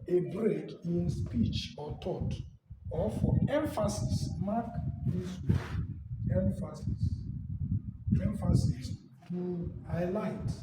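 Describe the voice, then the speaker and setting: Male English tutor, fairly high voice, quizzes the class aloud; off-mic in an echoey room over heavy noise. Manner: asks rhetorical questions and answers them himself; repeats key terms for emphasis. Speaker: English teacher. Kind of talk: exam-prep lesson to camera. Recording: roomy, distant mic, loud background noise.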